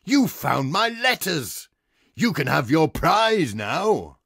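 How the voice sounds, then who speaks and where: A man voicing a kindly, grateful king in a children's learning game, speaking slowly and courteously. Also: a little high, very animated, gravelly, fairly bright tone, slightly rough, no echo, clean studio sound, heavily acted.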